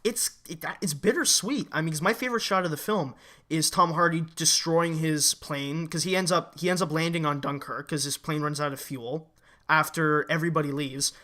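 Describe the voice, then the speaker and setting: Fired-up guy ranting about a movie he loves, cusses a lot, kinda high bright voice. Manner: excitable and blunt, swears freely, rapid bursts. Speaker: movie reviewer co-host. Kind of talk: casual movie review chat.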